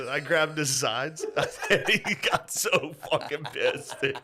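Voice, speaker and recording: A man's voice: medium pitch, normal speed, background noise. An American man in his thirties co-hosting a comedy podcast, telling family stories in a loose, profane way and acting out the people in them. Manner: animated, swears a lot, acts out family members' voices. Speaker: podcast co-host. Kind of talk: casual comedic storytelling.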